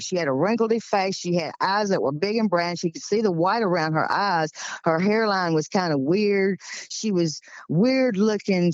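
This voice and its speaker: A woman's voice: fairly low pitch, no echo. A woman in her sixties talks with a Georgia drawl, rambling along in a chatty, homespun way. The recording sounds dull, lo-fi and dry, with no room sound. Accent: Southern US, Georgia. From Georgia, USA. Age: 60s. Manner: chatty, rambling, folksy storyteller. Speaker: guest recounting encounters. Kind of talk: casual storytelling.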